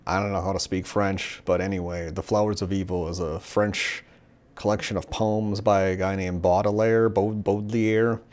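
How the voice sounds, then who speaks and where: Low-voiced man rambling about a manga. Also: level tone, moderate pace, clear, resonant tone. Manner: rambling, many fillers, acts out character lines. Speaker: manga reviewer. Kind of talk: casual solo discussion.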